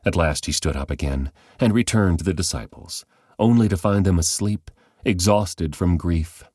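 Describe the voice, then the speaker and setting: A man reading a Bible passage aloud as measured, scripted narration. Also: low voice, darkish tone, slightly rough, no echo, clean studio sound. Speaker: Bible reader.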